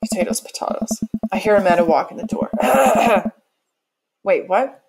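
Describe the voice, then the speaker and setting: Woman, mid-range voice, reading game dialogue over clear background music with dry sarcastic asides. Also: medium pitch, measured pace, rough recording. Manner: sarcastic, self-mocking ad-libs. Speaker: let's player.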